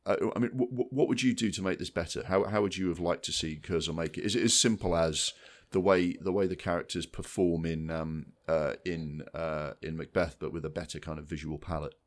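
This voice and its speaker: A man's voice: sits low, a little fast. A man co-hosting a film podcast, talking at length in casual chat, with lots of restarts and repeated words. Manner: rambling, many restarts, animated. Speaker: podcast co-host.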